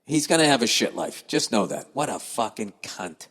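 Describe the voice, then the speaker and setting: A man's voice: mid-range voice, sing-song, fairly quick, hardly any pauses, pushed and bright, slightly rough, long reverb tail. A man hosting a podcast, reading listener emails aloud and ranting about them in a profane, exasperated, sarcastic way. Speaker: podcast host.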